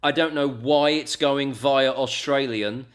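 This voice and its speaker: Chatty Essex man telling radio stories. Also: mid-range voice. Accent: English (Essex). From England (Essex). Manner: chatty, animated storyteller, quick asides. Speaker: radio presenter, podcast guest. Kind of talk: casual interview chat. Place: home in the US, remote call.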